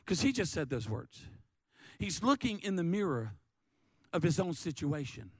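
A man preaching a sermon, animated and lively, often stammering and repeating words as he acts out the story. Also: a little high, unhurried, dry recording. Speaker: pastor.

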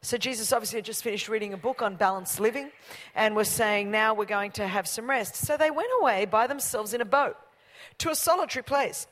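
A woman's voice: a little high, a little fast. An Australian woman in her forties, a guest preacher who jokes and banters with the congregation in an exuberant way. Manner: exuberant and joking, banters with the crowd. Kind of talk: preaching a sermon. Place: large church auditorium. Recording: long reverb of a big hall.

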